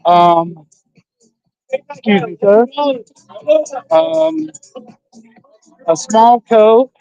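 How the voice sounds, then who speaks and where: A man's voice: high voice, big pitch swings, very slow, creaky, a little mellow, dry recording, lo-fi sound. A man livestreaming while walking city streets at night, chatting casually in a rambling, profane way full of fillers.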